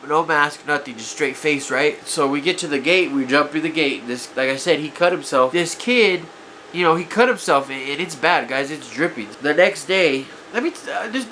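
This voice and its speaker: Guy vlogging about his past, bright slightly high voice, allergy-worn, keeps saying guys and you know, faint ac hum behind. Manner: keeps addressing viewers as guys, many you-knows; regretful, self-critical. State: voice affected by allergies. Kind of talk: casual confessional storytelling.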